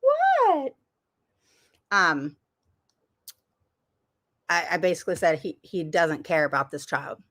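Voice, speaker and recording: A woman's voice: low-pitched, steady tone, unhurried, long pauses, sharp tone. Casting note: woman host, parent advocate, emphatic and repetitive, casual livestream advice. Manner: emphatic, repeats words for stress.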